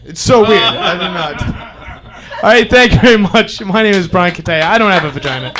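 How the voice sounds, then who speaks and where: High-voiced man doing stand-up. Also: lively intonation, a little fast, a crowd in the background. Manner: laughs through his jokes. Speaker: comedian. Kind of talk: stand-up comedy bit.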